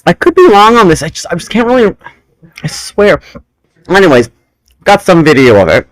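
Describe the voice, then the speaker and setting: Animated rambling man, casual chat. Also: high voice, moderate pace, no echo, low-quality recording. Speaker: podcast host.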